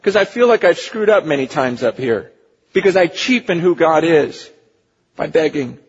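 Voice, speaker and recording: Fervent male preacher, high husky voice, long hall echo on a dull lo-fi recording. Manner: impassioned, swings from hushed to near-shouting. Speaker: pastor. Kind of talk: sermon. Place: church sanctuary.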